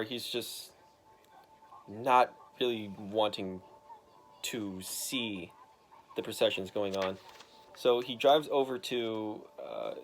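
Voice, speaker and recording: A young man talks through a comic book plot in a loose, rambling way, full of "like" and restarts. His voice sits at an ordinary middle pitch, and he slips into the characters' lines as he goes. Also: slight background noise. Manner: rambling, filler-heavy retelling with quick quoted voices. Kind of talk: casual retelling of a comic story.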